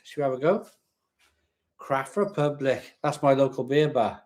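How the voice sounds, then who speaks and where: A man's voice: a little high, moderate pace, a little mellow. Chatty man on a home livestream. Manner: chatty, repeats himself, talks to viewers. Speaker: beer reviewer livestream host. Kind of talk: casual live-stream chat. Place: at home in front of a laptop webcam. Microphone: laptop webcam.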